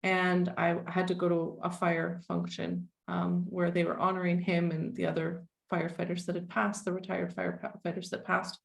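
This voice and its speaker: A woman in her forties, a guest speaking candidly and wryly in a relaxed conversation. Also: fairly low pitch, creaky. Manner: frank, wry, self-deprecating.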